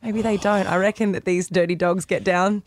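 A woman's voice: mid-range voice, fairly even intonation, moderate pace. A woman with an Australian accent, a radio host making wry, teasing remarks in casual banter. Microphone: studio mic.

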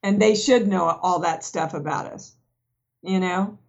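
A woman's voice: fairly low pitch, unhurried, gravelly. A woman, a guest actress in a candid podcast conversation, talking frankly and acting out remembered dialogue. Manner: frank storyteller, acts out quoted dialogue. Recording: dull lo-fi podcast audio.

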